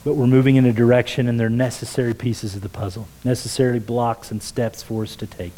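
A man preaching a sermon as pastor in a church, earnest, dropping to a hush for quoted words. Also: mid-range voice, fairly even intonation, fairly quick, rough recording. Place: church sanctuary.

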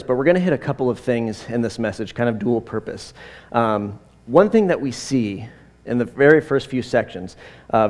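A man's voice: medium pitch, darkish tone. A man in his forties preaching a sermon in a conversational, rambling way, with many fillers and side stories. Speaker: pastor.

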